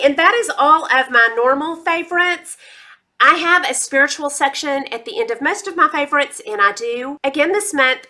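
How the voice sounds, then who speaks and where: A middle-aged woman with a fairly high, bright, forceful voice chats casually about her monthly favorites. A beauty and lifestyle vlogger, she sprinkles in enthusiastic asides.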